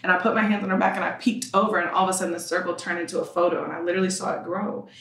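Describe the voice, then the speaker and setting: A woman on a podcast as a guest, telling candid stories in an animated way, acting out the dialogue she quotes and laughing often. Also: fairly low pitch, very fast. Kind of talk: candid conversational storytelling. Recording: roomy room, distant mic.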